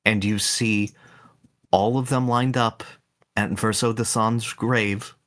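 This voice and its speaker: A man co-hosting a podcast, slowly and dramatically retelling a game's ending in casual chat. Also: lowish voice, fairly even intonation, a bit bright. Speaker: podcast co-host.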